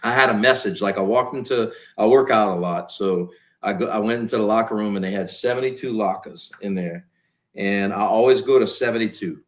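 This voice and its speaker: A man's voice: on the low side, brisk. A man in his forties with a Louisiana Cajun accent, telling stories on a podcast and acting out quotes. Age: 40s. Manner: animated storyteller who acts out quotes loudly. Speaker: guest comedian and content creator. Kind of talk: casual podcast storytelling.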